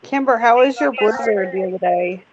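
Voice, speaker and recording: A woman's voice: a little high, moderate pace, lo-fi sound, crowd noise. A woman chatting casually and bluntly with friends. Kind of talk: casual chat.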